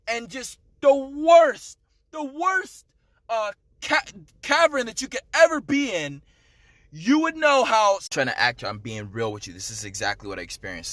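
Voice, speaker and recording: Man, high bright voice, emphatic and intense testimony vlog, dry close sound. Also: no echo. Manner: intense, emphatic, repeats "okay?" to the viewer. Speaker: vlogger. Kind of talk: personal testimony to camera.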